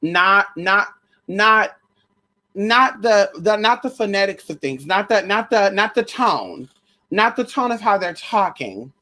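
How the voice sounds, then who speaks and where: A woman's voice: mid-range voice, lively intonation, slow pace, bright, forceful tone. Sassy, brash woman gossiping on a livestream. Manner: sassy, brash, slangy, swears a lot. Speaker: livestream host. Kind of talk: casual spiritual gossip chat.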